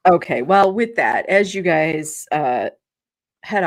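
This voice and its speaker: A woman's voice: on the low side, lively intonation, takes it slowly. Giggly woman co-hosting a casual podcast. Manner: giggly, rambling, restarts often. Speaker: podcast co-host. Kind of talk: casual chat.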